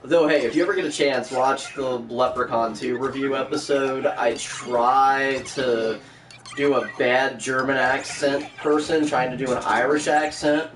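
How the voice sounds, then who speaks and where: A man's voice: mid-range voice, steady tone, measured pace, reverberant. A man hosting a podcast, chatting casually and joking at his own expense. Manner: joking, chatty, self-deprecating. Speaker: podcast host. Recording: distant mic with background noise.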